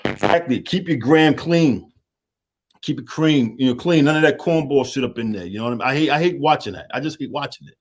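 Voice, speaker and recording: Streetwise male guest, laid-back, chatty with lots of fillers, mid pitch. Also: animated, quick pace. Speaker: guest, media and water business owner. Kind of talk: casual chat. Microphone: call-in line.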